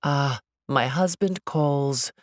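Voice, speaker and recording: A woman voicing a glamorous British former model in an audiobook, with a crisp British accent and a dry, drawling manner. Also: low voice, sing-song, a little slow, a little mellow, no room sound, heavily acted.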